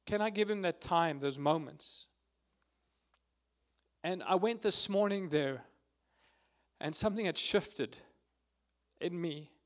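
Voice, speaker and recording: A man's voice: high-pitched, takes it slowly, long pauses. Earnest, tearful man sharing a testimony. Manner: earnest, emotional, with frequent fillers. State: tearful at times. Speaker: speaker at a prayer meeting. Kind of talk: informal testimony and prayer.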